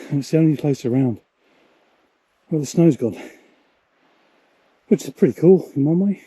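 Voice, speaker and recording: A man's voice: fairly high pitch, animated, slow, long pauses, mellow, husky. A man vlogging while wild camping on a snowy hillside, chatty and self-deprecating, a little out of breath from the climb. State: slightly out of breath from hiking. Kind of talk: casual outdoor vlog talk to camera.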